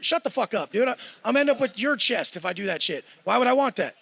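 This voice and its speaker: A man's voice: high voice, animated, fast talker, gravelly, fairly bright tone, slightly rough, no echo. A man ranting in a cocky, profane way, mocking others in put-on voices. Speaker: guest in a clip being reacted to. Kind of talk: brash boastful rant.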